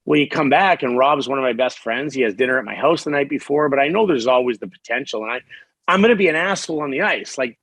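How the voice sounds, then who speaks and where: A middle-aged man talking on a podcast, as candid and salty as a locker room. He tells stories with lots of energy and often restarts his sentences. His pitch sits in the middle, and the sound is dry and close. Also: fast, husky, dry recording, poor audio. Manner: candid, profane, animated storyteller with frequent restarts. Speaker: podcast guest, former hockey player. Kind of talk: casual storytelling interview.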